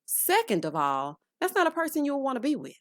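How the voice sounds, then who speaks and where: Sassy woman for a chatty TV recap, lively and expressive, dry close mic. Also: high voice, fast, no echo. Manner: sassy, calls viewers honey and child, bursts of laughter. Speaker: reality TV recap host.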